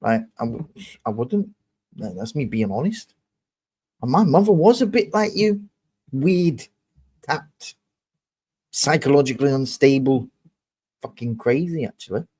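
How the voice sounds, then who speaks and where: A young man hosting a livestream has a medium-pitched, slightly mellow voice with a breathy edge, speaking unhurriedly with lively intonation and frequent pauses. He's in a heated rant, swearing angrily and confronting a commenter.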